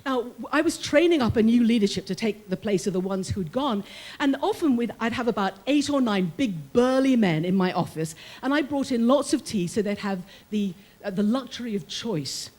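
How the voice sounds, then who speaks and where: Lively British woman telling a story. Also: on the high side, moderate pace. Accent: British English. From Britain. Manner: lively, humorous storyteller who acts out quoted voices. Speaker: prison chaplain telling a story. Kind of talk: live personal storytelling.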